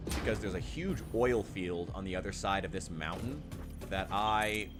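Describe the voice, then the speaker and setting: A man casually commenting while playing a game, rambling and sarcastic, now and then yelling in panic. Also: low-pitched, moderate pace. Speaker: gaming channel host. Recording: game music loud behind.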